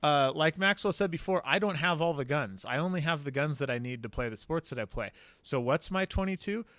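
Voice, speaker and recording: A man's voice: on the high side, animated, a little fast, a bit bright, no room sound. A man hosting a podcast, telling a long story in casual chat, rambling with lots of fillers and casual swearing. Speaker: podcast host.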